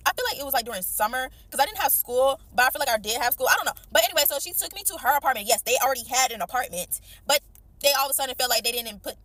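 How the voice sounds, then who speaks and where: A young woman rattles through a family storytime at a rapid clip, her voice sitting a little high. She talks slangy and animated, jumping into the voices of the people she quotes. The sound is close and dry, with no room around it. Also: dry recording. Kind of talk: casual storytime.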